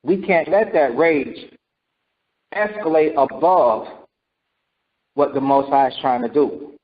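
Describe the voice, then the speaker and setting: Speaking slowly in a slightly high voice, this scripture teacher goes over points again and again, prompting listeners with "right?" and "okay?" throughout his sermon. It's captured on a dull, lo-fi recording.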